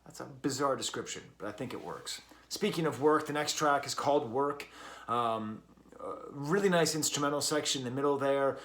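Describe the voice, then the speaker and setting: A man's voice: mid-range voice, moderate pace, fairly bright tone. A man reviewing an album in a casual, rambling way, with many fillers and restarts. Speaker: music reviewer.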